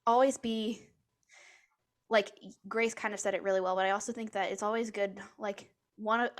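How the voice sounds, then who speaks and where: A woman's voice: mid-range voice, fairly even intonation, moderate pace. A woman co-hosting a book podcast, talking in a loose, rambling way full of fillers. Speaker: podcast co-host. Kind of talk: casual chat.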